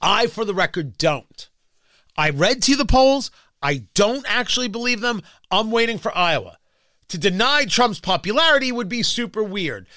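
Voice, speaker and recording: A man's voice: high voice, lively intonation, normal speed, bright, forceful tone, no echo, studio quality. A man hosting political talk radio, emphatic and sarcastic, sometimes mocking other voices. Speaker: radio talk show host.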